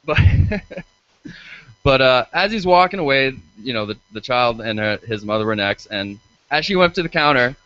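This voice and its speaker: A man's voice: mid-range voice, lively intonation, normal speed, bright, forceful tone. A man doing a live stand-up set in a bar, swearing freely and teasing himself and the crowd. He talks on a handheld stage mic. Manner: crude, profane, self-deprecating banter with the crowd. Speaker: stand-up comedian and radio show host. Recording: dull lo-fi live stream audio.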